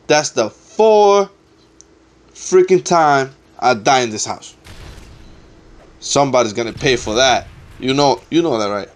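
A man's voice: mid-range voice, normal speed, long pauses. A young man giving casual, trash-talking commentary over his own gameplay, swearing often and getting exasperated.

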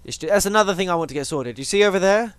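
This gaming channel host has a high, animated voice that's fairly bright, clear and resonant, and he talks very fast with no room sound. Playing Minecraft, he rambles and jokes, chases tangents, and addresses viewers and animals in the game.

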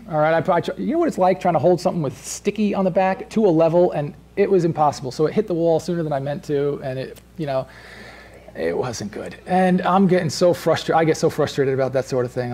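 A man preaches in a church in a relaxed, conversational style, circling back on himself with restarts and tagging points with "all right?". His voice sits a bit high for a man, with a husky, mellow tone. He sounds like a pastor chatting through the sermon rather than reading it. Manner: conversational, rambling with many restarts and asides.

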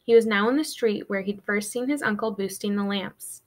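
A woman teacher reading a children's novel aloud to her students in a steady, expressive way. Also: medium pitch, normal speed. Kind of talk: storybook read-aloud.

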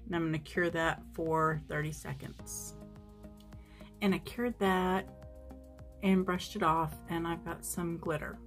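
A woman's voice: fairly low pitch, fairly even intonation, a little slow, faint music behind. Chatty woman narrating a nail tutorial. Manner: chatty and self-deprecating, many fillers. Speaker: nail art vlogger.

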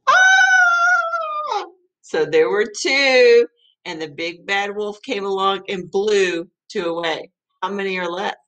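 A woman teacher giving a playful, excitable math lesson for children. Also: mid-range voice, a little slow, low-quality recording.

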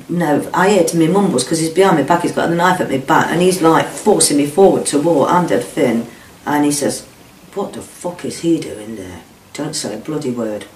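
Blunt woman recounting an ordeal, distant and echoey. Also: low voice. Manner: blunt, swears freely, quotes speech in dialogue. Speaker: interviewee recounting a past ordeal. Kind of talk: emotional first-person testimony. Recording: echoey room, distant mic, faint noise.

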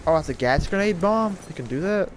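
A man giving casual gameplay commentary, talking fast with jumbled words, frequent stutters and restarts. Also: high voice, expressive, noisy background. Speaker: gaming channel host. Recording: loud gunfire and battle game sounds behind. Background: shooter game audio with gunfire and vehicles.

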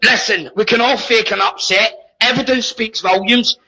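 Sharp, husky Scottish man accusing. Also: high-pitched, fairly even intonation, normal speed, low-quality recording. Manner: accusing, insistent. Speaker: live stream participant. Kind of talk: heated group call.

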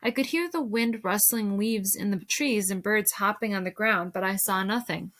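A woman teacher reading a storybook aloud to a class in steady narration. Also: medium pitch, normal speed.

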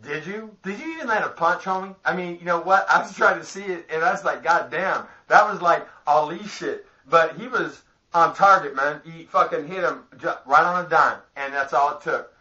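A man's voice: on the high side, fairly quick, bright, forceful tone. A man rambling a profane, boastful comic monologue to camera, laughing through his own jokes. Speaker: vlogger. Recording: dull lo-fi home video audio.

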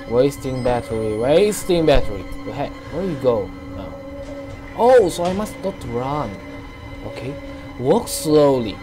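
A man narrating his own horror gameplay in broken English, dropping to hushed muttering and then breaking into panicked shrieks. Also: mid-range voice. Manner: non-native English with broken grammar. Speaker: gameplay streamer. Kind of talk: horror game commentary.

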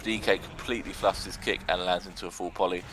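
A young man calls a video game match with sarcastic, excitable commentary. His voice is bright and forceful, sitting a little low. A faint noise hums behind him. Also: fast talker. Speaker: arena commentator.

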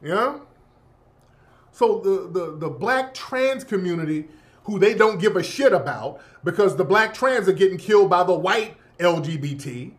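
A man commentating in a casual, profane, animated rant that often breaks into laughter. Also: high-pitched, moderate pace. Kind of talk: casual monologue.

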